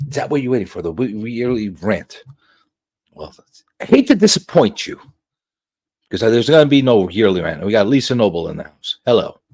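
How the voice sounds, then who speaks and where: Lively joking man hosting a livestream. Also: fairly low pitch, moderate pace. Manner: animated, joking, swears freely. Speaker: livestream talk show host. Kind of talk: casual livestream chat.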